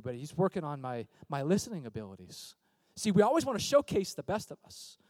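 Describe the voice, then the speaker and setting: A male pastor delivers a lively, conversational sermon, his voice sitting high and swinging widely up and down as he acts out quick asides. The sound is close and dry, with almost no room around it. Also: dry recording.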